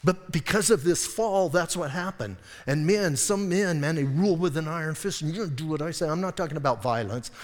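Pastor, middle-aged man, high-pitched, joking sermon delivery, long reverb of a church hall. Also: moderate pace, few pauses. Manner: lively, joking, acts out quoted voices. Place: church sanctuary.

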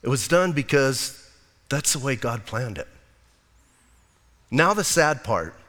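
A man's voice: mid-range voice, slow pace. A man preaching a casual, jokey sermon as pastor, acting out the Bible scenes in voices. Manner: animated, jokey, slips into voiced characters. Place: church sanctuary. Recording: long hall reverb.

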